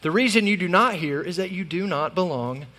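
A man preaching a sermon as pastor, conversational and animated, with sudden loud peaks. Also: high-pitched, fairly quick, big-room sound.

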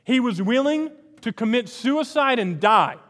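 A man's voice: very high-pitched, lively intonation, unhurried, fairly bright tone, in a large hall. A man preaching a sermon as pastor, emphatic, repeating phrases for emphasis.

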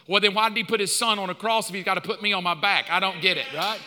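A male pastor preaches in a high, piercing voice that rings through a long-reverb church hall. He is lively and conversational, and he acts out dialogue with God. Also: fast. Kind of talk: sermon. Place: church sanctuary.

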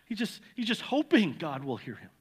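A man preaching with a high, bright-pitched voice that rings out in a big reverberant hall. He speaks earnestly and emphatically, doubling words as he drives each point home. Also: huge pitch swings, normal speed, husky. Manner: earnest, repeats words when stressing a point. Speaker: pastor. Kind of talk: sermon.

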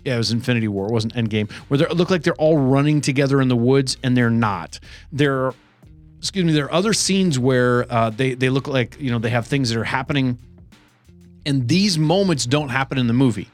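A man's voice: mid-range voice, brisk, faint music behind. A man co-hosting a podcast in casual chat, rambling and correcting himself as he talks. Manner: rambling, self-correcting, chatty. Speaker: podcast co-host.

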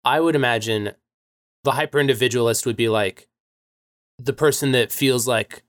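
A man's voice: medium pitch, moderate pace. Easygoing man asking questions. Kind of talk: casual conversation.

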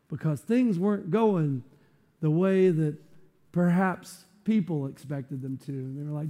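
Male pastor, sermon, mellow tone, slightly high voice, excitable, strained voice. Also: slow pace. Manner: animated, repeats words when excited. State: voice strained, close to giving out.

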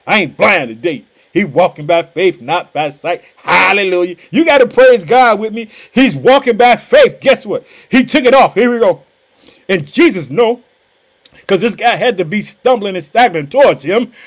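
A man preaching a fervent, energetic podcast sermon in casual street phrasing, often crying out hallelujah. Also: high voice, normal speed. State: pumped up.

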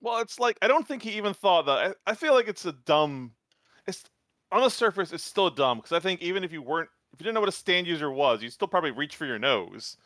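A man co-hosting a casual chat, excited and laughing as he jumps in with quick remarks. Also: high-pitched, no echo, studio quality. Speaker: podcast co-host reacting to an anime episode.

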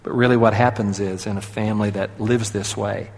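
A man's voice: fairly low pitch, steady tone, fairly quick, hardly any pauses, a little mellow, in a large hall. A man preaching a sermon in a conversational way, leading his listeners to repeat phrases after him. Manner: conversational, leads audience in call-and-response. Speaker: pastor.

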